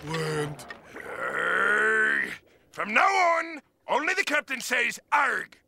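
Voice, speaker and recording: A gruff, greedy crab sea captain from a cartoon, growling out pirate orders. The voice is gravelly and pitched high, sliding widely up and down, with a sharp, bright tone. His lines come at a slow, deliberate pace. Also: expressive, slight background noise, exaggerated voice. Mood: blustering. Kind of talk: cartoon voice acting.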